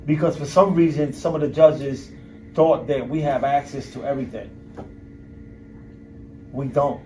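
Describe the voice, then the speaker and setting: A man's voice: medium pitch, steady tone, measured pace, warm tone, slight background noise. Blunt streetwise man, heard from afar. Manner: blunt, streetwise, emphatic with profanity. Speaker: guest speaker. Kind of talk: candid storytelling talk to an audience. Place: university lecture room. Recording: voice picked up from a distance.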